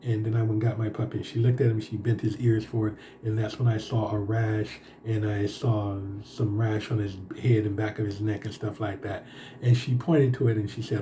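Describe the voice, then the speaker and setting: A man vlogger telling a personal story in a casual, rambling way, with many fillers and pauses. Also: medium pitch, steady tone, warm tone, slight background noise.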